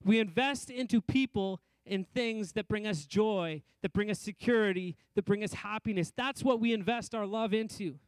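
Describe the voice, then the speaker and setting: A middle-aged male pastor with a fairly high, clean-toned voice preaches a sermon built on rhythmic, repeated phrases. He varies his emphasis, rising in pitch and slowing down on key points. The audio is dry and close-miked, with little room echo.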